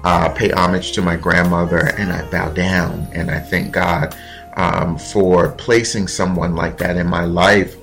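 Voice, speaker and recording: A man hosting his own show, talking in a reflective, heartfelt monologue with pauses and fillers. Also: low-pitched, flat delivery, a bit bright, soft background music. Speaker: podcast host.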